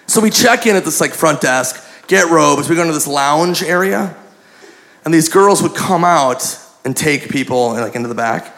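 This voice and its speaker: A man doing stand-up, telling a story in an animated, profane way and acting out the people in it, on a club mic. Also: fairly high pitch, normal speed, vocal fry. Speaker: stand-up comedian. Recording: live club mic with a noisy crowd.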